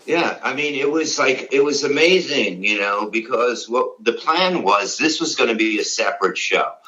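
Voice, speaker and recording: A man's voice: mid-range voice, animated, normal speed, pushed and bright, muffled recording. A middle-aged man being interviewed, telling blunt, profane, rambling stories about his radio days. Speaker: interview guest, former radio show staff. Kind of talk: casual interview.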